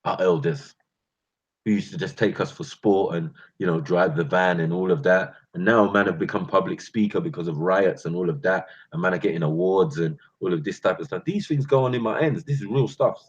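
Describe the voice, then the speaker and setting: A man's voice: deep voice, fairly quick, slightly rough, muffled recording. A man with a London accent hosting his channel, delivering a passionate rant full of street slang and calling his listeners bruv and fam. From England. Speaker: channel host.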